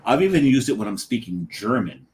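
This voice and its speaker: A man's voice: medium pitch, very animated, a little fast, darkish tone, a little hiss or hum. A man hosting a casual talk show, telling rambling stories and laughing often. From United States. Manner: chatty, rambling storyteller who laughs often. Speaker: host. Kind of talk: casual chat.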